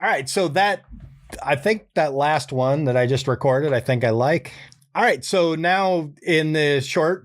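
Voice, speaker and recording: A man recording his own character voices and calmly explaining his process, relaxed, thinking aloud and amused at himself. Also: medium pitch. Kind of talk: casual behind-the-scenes explanation.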